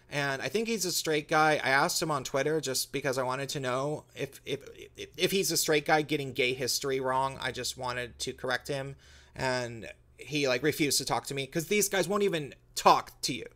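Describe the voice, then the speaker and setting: A man with a slightly higher-than-usual voice rambles through a casual vlog. He trips over his words and restarts often, and he talks straight to his viewers. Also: a bit bright. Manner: rambling, many restarts and fillers. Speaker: YouTuber.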